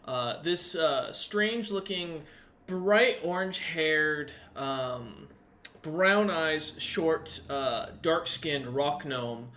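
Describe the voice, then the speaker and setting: A man narrating a tabletop game as game master, halting and full of ums and uhs. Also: fairly high pitch, pushed and bright.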